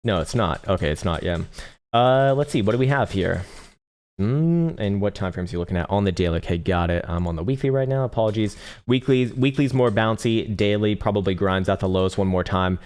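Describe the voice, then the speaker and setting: A man's voice: low voice, a little fast, darkish tone, clean tone. A man hosting a live trading stream, reading viewer questions and giving blunt, profane chart analysis. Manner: profane, blunt, bursts into laughing rants. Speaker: trading livestream host.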